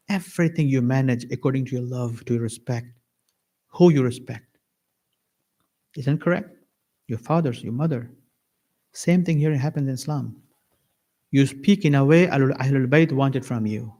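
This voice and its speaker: Man preaching an animated sermon. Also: normal speed, pauses often. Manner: animated, acts out little dialogues with varied pitch. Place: mosque lecture hall.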